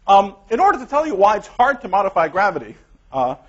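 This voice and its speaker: A man gives an academic colloquium in a lecture hall, speaking with lots of energy and emphasis. His voice sits fairly high. The recording is dull and lo-fi. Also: a little fast. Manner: energetic, emphatic, laughing at his own remarks. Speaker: guest lecturer. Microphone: clip-on microphone.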